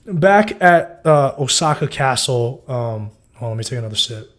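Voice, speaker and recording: A man's voice: mid-range voice, animated, normal speed. A man giving a loose, casual breakdown of TV episodes, full of fillers and swearing. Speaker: TV show recapper.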